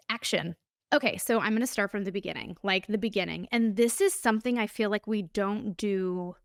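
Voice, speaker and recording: A woman's voice: medium pitch, clear, resonant tone, dry recording, studio quality. A woman in her thirties hosting her podcast alone, telling her story in an earnest, candid and openly emotional way. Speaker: podcast host. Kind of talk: solo podcast monologue.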